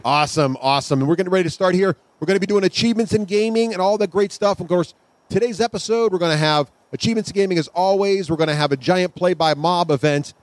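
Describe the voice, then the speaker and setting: A man's voice: sits high, fast talker, slight background noise. A man co-hosting a live podcast at a convention, speaking in an upbeat, enthusiastic way. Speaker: podcast co-host.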